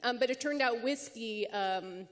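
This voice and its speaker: A woman's voice: fairly high pitch, unhurried, big-room sound. A woman telling a rambling story on a panel, full of ums and restarts. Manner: rambling, hesitant, many ums. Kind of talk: panel discussion.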